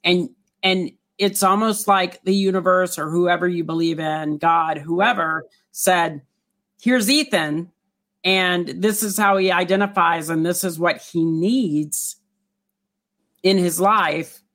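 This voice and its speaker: A host with a Southern US accent guides an interview conversationally, mixing reflective remarks with leading questions. The voice sits at a middle pitch. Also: steady tone, slow, fairly bright tone. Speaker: talk show host.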